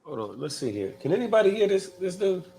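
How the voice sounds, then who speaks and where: A man's voice: sits high, sing-song, fast talker, dark tone, husky. A man hosting a live talk show in casual chat, reading viewer comments aloud and often stumbling and restarting his words. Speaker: podcast host.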